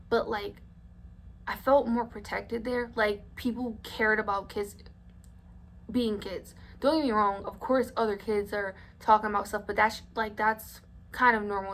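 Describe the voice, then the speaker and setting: A woman's voice: medium pitch, slight background noise. A young adult woman telling a story-time vlog in a blunt, indignant way, swearing freely. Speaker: vlogger.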